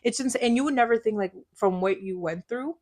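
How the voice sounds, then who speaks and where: Young woman podcast co-host, slightly high voice, animated casual chat. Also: brisk. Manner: animated, laughs often, breaks into high squeals when excited.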